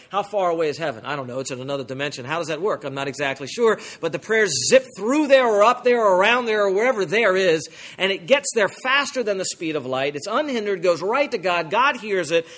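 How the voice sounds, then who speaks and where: A man preaching from the pulpit in a high, bright voice. He works through a Bible passage with rhetorical questions. He swings from emphatic peaks to quiet, low asides. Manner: emphatic, wide swings in pitch and loudness. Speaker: pastor. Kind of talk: sermon.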